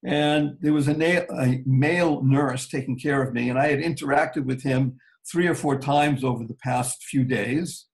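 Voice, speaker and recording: A man telling a personal story slowly and earnestly as an interview guest. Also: mid-range voice, low-quality recording.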